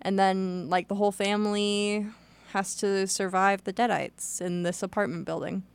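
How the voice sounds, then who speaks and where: A woman's voice: level tone, moderate pace, gravelly, clean tone. A woman co-hosting a podcast in casual, joking chat, full of filler words. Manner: joking, uses filler words like "like" and "low-key". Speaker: podcast co-host.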